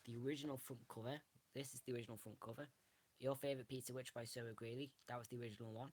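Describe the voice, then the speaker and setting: Showing off a book on camera in a casual show-and-tell, a man rambles, frequently restarts and corrects himself. His husky, darkish mid-range voice holds a steady tone while he talks rapid-fire.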